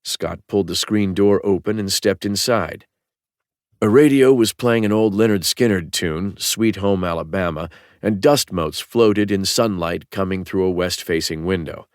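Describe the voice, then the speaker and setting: A man reading a thriller audiobook in a calm, even manner. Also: deep voice, a little slow, dry recording, clean studio sound. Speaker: audiobook narrator. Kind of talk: scripted narration.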